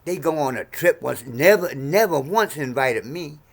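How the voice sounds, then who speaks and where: A man in his sixties ranting to camera in a profane, heated monologue, swinging between low mutters and sudden shouts. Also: expressive, moderate pace. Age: 60s. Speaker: vlogger.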